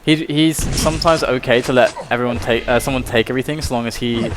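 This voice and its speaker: A man casting a live esports match, excitable and loud at big plays. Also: medium pitch, fast talker, over music. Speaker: esports caster. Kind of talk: live game commentary.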